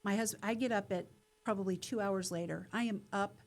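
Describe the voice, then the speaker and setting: A middle-aged woman, a company CEO, telling her story as a guest in an interview, lively and acting out the voices of people she quotes. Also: fairly quick. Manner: animated, acts out quoted voices with rising pitch.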